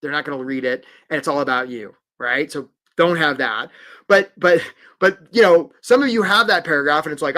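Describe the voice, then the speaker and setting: A man hosting a live career-coaching webinar, animated and emphatic, often tagging "right?" and acting out little bits of dialogue. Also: fairly high pitch, a little fast.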